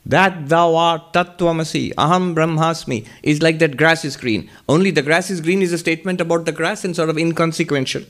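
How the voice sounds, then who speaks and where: A monk and spiritual teacher answering questions in a lecture. He speaks in a measured, explanatory way and laughs now and then. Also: high voice, fairly bright tone.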